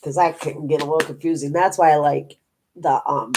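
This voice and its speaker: A woman's voice: deep voice, fairly even intonation, brisk, darkish tone, a little hiss or hum. An older woman from Minnesota chatting casually to viewers about her craft hobby and telling homey, rambling family stories. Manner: rambling, homey storytelling with many restarts. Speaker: diamond painting vlogger.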